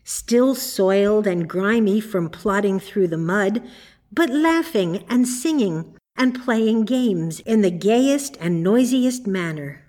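Slow, calm woman reading a storybook. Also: mid-range voice. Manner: calm, unhurried narration. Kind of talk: storybook read-aloud.

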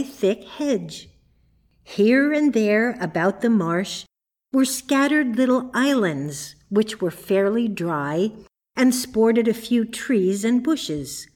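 Woman narrator, storybook read-aloud, slow and unhurried, calm. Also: a little high.

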